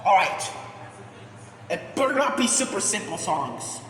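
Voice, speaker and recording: Furious foul-mouthed tomcat, a man doing the voice, high and swooping, amateur comedy take, echoey room with long reverb. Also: big pitch swings, a little slow. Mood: furious ranting. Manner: ranting, swearing, shouting outbursts. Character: foul-mouthed angry male house cat.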